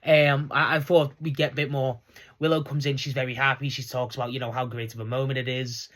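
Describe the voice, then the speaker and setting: A young man casually recapping a wrestling show, excitable and rambling, laughing often as he talks. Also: medium pitch, a little fast.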